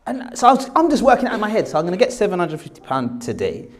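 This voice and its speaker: A man telling a lively personal story, acting out the voices of the people in it. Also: high voice, racing. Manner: animated, acts out quoted voices. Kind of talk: casual anecdote.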